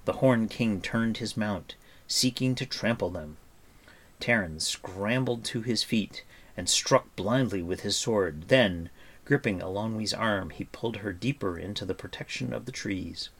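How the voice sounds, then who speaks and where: A man narrating a storybook with a steady, expressive reading. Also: fairly low pitch, unhurried, husky.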